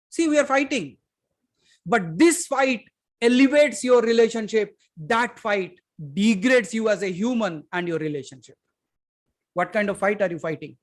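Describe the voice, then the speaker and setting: A man with an Indian English accent giving a spiritual satsang talk, emphatic, moving from loud to hushed and putting questions straight to his listeners. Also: sits high, normal speed. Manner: addresses listeners directly with questions. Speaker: spiritual teacher. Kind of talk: satsang talk to a live audience.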